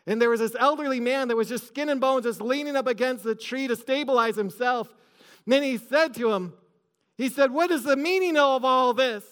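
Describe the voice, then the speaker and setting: Guy preaching a sermon, really high bright voice, long echo like a big church. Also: a little fast, clean tone. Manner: preaching with rising emphasis. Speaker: pastor. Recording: echoey large hall.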